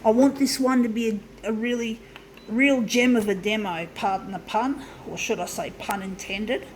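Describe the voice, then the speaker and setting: A woman's voice: a little high, steady tone, normal speed, slight background noise, rough recording. A woman talking to viewers while working on a craft demo, hot, sweaty and shaking, swearing often and calling them folks. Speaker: vlogger demonstrating a craft. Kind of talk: frustrated casual monologue while working.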